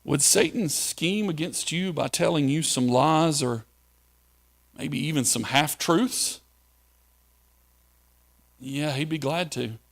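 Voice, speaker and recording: A man's voice: fairly high pitch, vocal fry. A male pastor preaching a sermon in a conversational way, asking the listeners questions.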